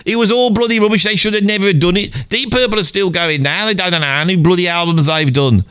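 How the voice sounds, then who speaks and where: A man's voice: sits high, fast, bright, forceful tone, clear, resonant tone, dry recording. A man playing a grumbling middle-aged Birmingham bloke with a Birmingham accent, rambling on and swearing mildly in a comedic monologue. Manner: rambling rant peppered with "bloody".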